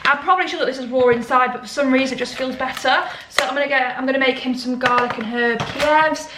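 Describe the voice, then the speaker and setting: A young woman talks casually to her phone camera in a vlog. Her voice sits fairly high and she is chatty and giggly. A faint hiss of background noise runs underneath. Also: quick pace. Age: 20s. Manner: chatty, bubbly, giggly asides. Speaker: vlogger. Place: large indoor shopping centre. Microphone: phone held at arm's length.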